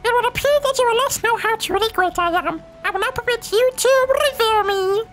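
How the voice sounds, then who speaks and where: A man voicing a pompous old male Nopon sage, a tiny creature, in a squeaky high put-on voice, reading game dialogue. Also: fairly quick, pushed and bright, soft background music. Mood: haughty. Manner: haughty, stately and condescending.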